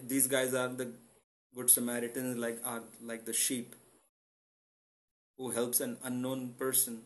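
A man's voice: medium pitch, low-quality recording. A man giving an impassioned, sermon-style Bible teaching as the presenter of an online church. He speaks emotionally and asks rhetorical questions, then answers them himself.

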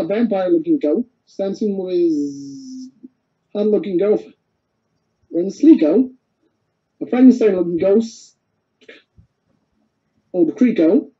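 A man's voice: high voice, muffled recording. A man casually retelling a cartoon plot, rambling and restarting as he goes. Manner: rambling, stops and restarts while summarizing. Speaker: co-host recapping a cartoon.

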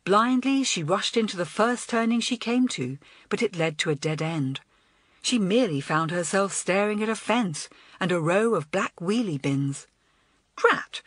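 A woman narrating a children's storybook in an expressive, animated way. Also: mid-range voice, normal speed, no echo. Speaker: audiobook narrator.

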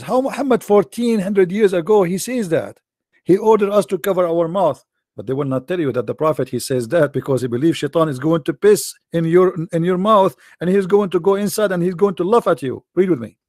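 A man giving a sarcastic, scoffing monologue, slowing right down whenever he reads a quote aloud. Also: fairly high pitch, gravelly, darkish tone, dry recording, studio quality. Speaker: online commentator. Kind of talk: mocking monologue commentary.

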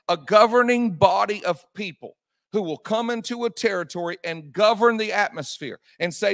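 A man preaching a sermon in a church, repeating his phrases and swinging from shouting to quiet asides. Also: sits high, moderate pace, no echo. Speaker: pastor. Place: church sanctuary.

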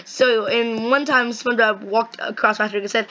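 A woman chatting casually and rambling excitedly while playing a game. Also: a little high, normal speed, lo-fi sound. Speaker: gaming video host. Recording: noisy home mic recording.

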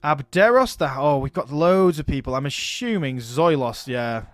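A man's voice: fairly high pitch, animated, normal speed, no room sound. A man hosting a strategy game let's play, casually thinking aloud and chatting as he plays.

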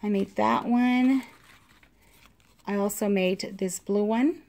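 A woman walks through her handmade crafts in a relaxed show-and-tell. She talks unhurriedly, pausing with plenty of ums to find her words. Her tone stays fond and gushing over every tiny detail. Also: medium pitch. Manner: unhurried, with frequent ums and pauses; gushing about small details. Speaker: crafting vlogger.

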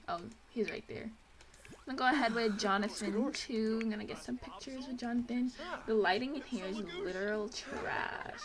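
A woman's voice: fairly high pitch, background noise. A young woman hosting a casual let's play, gushing and chatty as she comments on her game.

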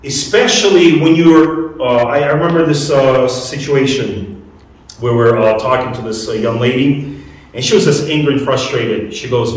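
In an echoey church hall, a pastor gives a sermon in a conversational manner and asks the congregation questions. His voice is medium-pitched at a normal speed, picked up by a distant microphone.

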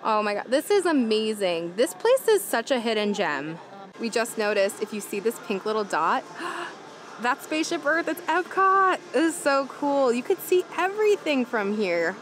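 A woman's voice: fairly high pitch, big pitch swings, moderate pace. A young woman vlogging with gushing, chatty enthusiasm as she tastes food and drinks at a hotel rooftop bar. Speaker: travel vlogger. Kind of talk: casual food and travel vlog. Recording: noisy crowded bar. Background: loud crowd and chatter.

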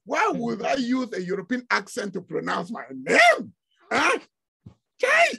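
A man from Africa lecturing over a video call, his high voice swinging widely in pitch. He speaks with a gravelly, husky rasp and an animated, exclamatory delivery. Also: a little slow. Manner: animated, exclamatory, laughs often. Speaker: guest lecturer. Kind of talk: informal online lecture.

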